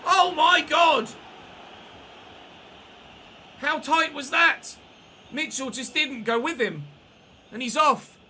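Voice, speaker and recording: A man commentating his own football video game match, excitable and shouting at goals, his voice going hoarse. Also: extremely high pitch, slight background noise. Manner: shouts and celebrates goals, then chats calmly. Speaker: gaming commentator. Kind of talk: excited live gameplay commentary.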